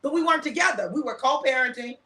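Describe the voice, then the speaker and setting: Woman minister, high voice, lively storyteller, acts out dialogue, casual chat. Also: quick pace, roomy sound. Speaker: minister and show host.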